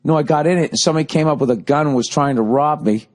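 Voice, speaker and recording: A man's voice: a little high, fast. Profane rambling man on a solo podcast. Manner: profane, rambling, swings between loud and muttered. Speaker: podcast host. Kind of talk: solo comedic monologue.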